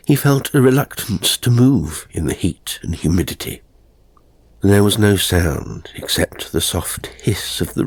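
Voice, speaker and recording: A man reading a horror story in a slow, measured scripted narration, dropping to a hush at times. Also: deep voice, breathy edge, dry recording.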